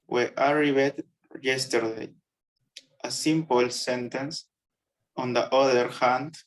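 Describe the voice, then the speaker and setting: A man presenting to his class at an unhurried pace. He reads his material carefully and deliberately, in a mid-range voice. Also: medium pitch, low-quality recording. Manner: careful, measured reading. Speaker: student presenter.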